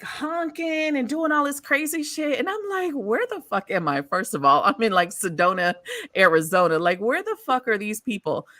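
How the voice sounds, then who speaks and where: A woman hosting a casual chat, telling stories in an animated, profane way and laughing often. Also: fairly high pitch, dry recording, studio quality. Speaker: host.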